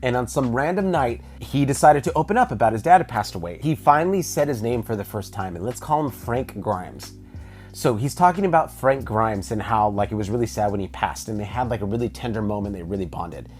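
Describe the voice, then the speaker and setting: A man telling a creepy personal story in a casual, animated way, with some swearing. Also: mid-range voice, fairly quick, soft background music.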